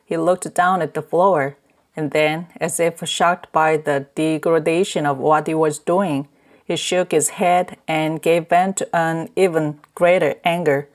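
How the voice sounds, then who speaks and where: A woman narrating an audiobook of a short story in a measured reading voice. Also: low-pitched, steady tone. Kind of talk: scripted narration.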